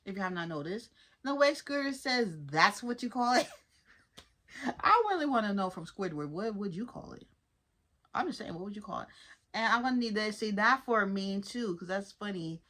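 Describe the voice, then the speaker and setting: A woman chatting casually to her viewers as she reviews a cartoon episode, lively and informal. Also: mid-range voice, moderate pace. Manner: chatty, animated, addresses viewers as y'all. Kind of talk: casual commentary.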